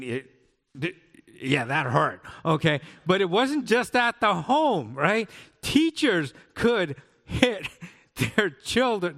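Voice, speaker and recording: A man's voice: on the high side, a bit bright. A man in his sixties preaching a conversational sermon as a pastor, often checking in with "right?". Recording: long hall reverb.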